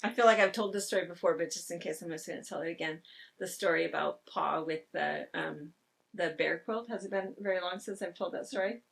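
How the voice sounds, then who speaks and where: A woman's voice: lowish voice, fairly quick, gravelly, husky, distant mic. A woman co-hosting a quilt shop video, telling a story in a chatty way and laughing often. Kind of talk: casual chat.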